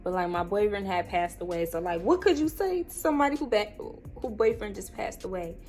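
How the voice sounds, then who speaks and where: A woman's voice: medium pitch, brisk, darkish tone, soft background music. A woman in her twenties telling an emotional story on her vlog. She talks tearfully, laughs through the tears and rambles with many fillers. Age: 20s. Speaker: vlogger.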